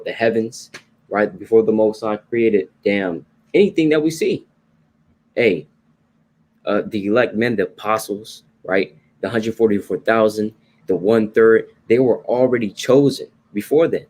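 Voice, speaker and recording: A man's voice: lowish voice, a little slow, darkish tone. A man teaching the Bible in a conversational sermon style, informal and repetitive, often checking in with "right?" and "you know". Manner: informal, repeats points, tags lines with "right?" and "you know".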